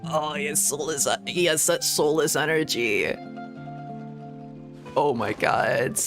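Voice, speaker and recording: Over game music, a male VTuber gives casual gaming commentary in a slightly high, slow, creaky voice. He's playful, laughing often and slipping in joking asides.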